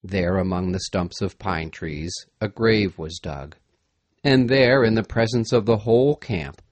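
Expressive male storybook narrator. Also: on the low side, dry recording. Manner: expressive, dramatic reading.

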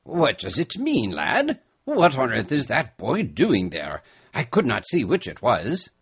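A man voicing a gruff older sea captain in a storybook reading, hearty and commanding. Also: mid-range voice, huge pitch swings, a little slow, full character voice. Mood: urgent. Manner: hearty, commanding, says "lad".

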